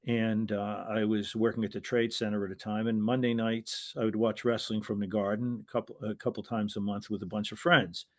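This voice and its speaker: A man's voice: on the low side, flat delivery, brisk, hardly any pauses. Older American man telling stories. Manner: rambling, acts out quoted voices, frequent restarts. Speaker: guest, retired wrestling referee. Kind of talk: anecdotal interview storytelling.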